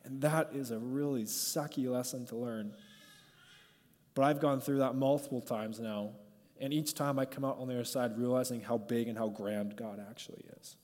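Guy pastor preaching super casual, lots of "like", mid pitch, church hall echo trailing after him. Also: steady tone, normal speed, darkish tone. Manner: conversational, peppered with "like", going off script. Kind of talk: informal sermon and prayer. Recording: long hall reverb.

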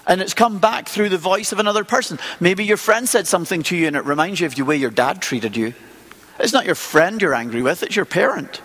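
A male preacher talks through his sermon conversationally, throwing out question after question. His voice sits high and moves in lively leaps, and a long reverb trails after it. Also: brisk. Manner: conversational, asks many rhetorical questions.

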